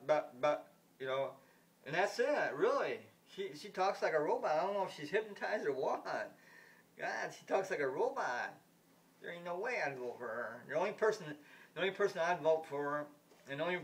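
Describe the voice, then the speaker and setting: A man's voice: fairly high pitch, a bit bright. A man delivers a rambling vlog rant in a slightly raised voice, blunt and indignant. He circles back and restarts his sentences again and again. His voice sits a little distant from the microphone. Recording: voice distant from the mic.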